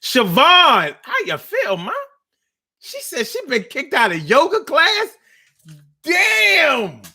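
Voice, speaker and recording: A man's voice: extremely high pitch, huge pitch swings, slow, creaky, sharp tone. A man hosting a casual livestream, reading chat aloud and joking in a slangy, profane way.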